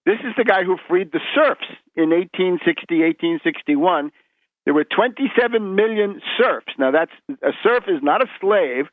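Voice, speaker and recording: A man's voice: high-pitched, lively intonation, normal speed, dry recording. A man as a radio interview guest, explaining history in a lecturing way, often restarting words and tagging points with "right?". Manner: lecturing, with frequent word restarts and tag "right?". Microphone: phone. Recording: tinny phone line.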